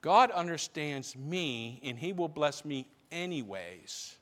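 A male pastor preaching a sermon to his congregation, building to loud repeated questions. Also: fairly high pitch, sing-song, slow pace. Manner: preaching with rising, shouted questions. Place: church sanctuary. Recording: long reverb of a large hall.

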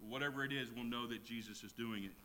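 A man preaching a sermon in a church, swinging from quiet asides to loud shouted quotes. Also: medium pitch, quick pace, a little hiss or hum. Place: church with congregation.

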